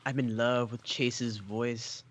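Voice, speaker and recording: A man's voice: mid-range voice, little pitch movement, takes it slowly. A man co-casting a mobile esports match, chatting casually and rambling between plays, a bit tired. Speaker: co-caster and mobile gaming YouTuber. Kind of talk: live casual commentary.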